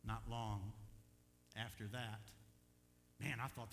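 An older man preaching a sermon as pastor, telling a personal story with animated swings from quiet asides to loud, emphatic peaks. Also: mid-range voice, fairly quick. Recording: echoey hall with faint hum.

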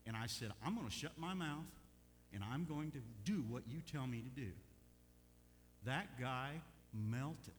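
A middle-aged man preaching a sermon, telling folksy stories with bursts of loud emphasis. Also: mid-range voice, expressive, a little slow. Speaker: pastor. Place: church sanctuary. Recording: long church hall reverb, faint hum.

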